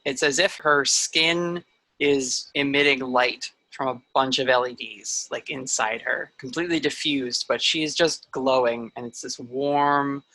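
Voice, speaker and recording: A woman's voice: very deep voice, steady tone, a little slow, bright, forceful tone, slight background noise, rough recording. A woman narrating as game master of a tabletop role-playing game, loose and full of fillers.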